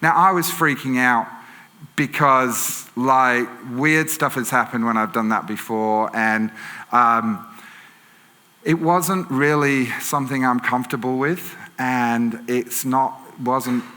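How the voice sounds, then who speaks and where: A man's voice: medium pitch, takes it slowly, bright, forceful tone. A man with an English accent preaching a sermon in a chatty storytelling way, full of fillers and self-corrections. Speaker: pastor. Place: church auditorium. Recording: long church hall reverb.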